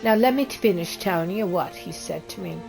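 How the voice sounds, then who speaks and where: A woman's voice: lowish voice, a little fast, vocal fry, poor audio. A woman playing a wood elf character in a game, telling a rambling tavern story that trails off and restarts. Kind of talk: in-character game role-play. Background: game music.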